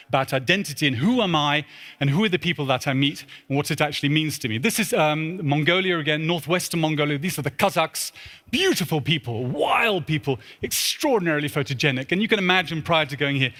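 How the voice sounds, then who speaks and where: A man giving a storytelling talk to an audience in a large church, animated and a little out of breath, acting out his own pleading voices. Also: a little high. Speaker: speaker at a symposium.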